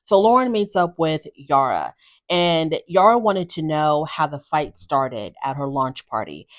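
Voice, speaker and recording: Woman host, lower register, for a blunt, opinionated reality-show recap. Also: animated, a little slow. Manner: gossipy, blunt, chatty.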